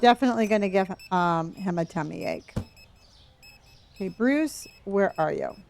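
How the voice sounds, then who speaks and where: A woman's voice: mid-range voice, expressive, moderate pace, vocal fry, a little mellow, slight background noise. A woman streaming a game, chatting casually, giving playful running commentary and thanking viewers by name, calling them honey and dear. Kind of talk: casual live-stream chat while playing.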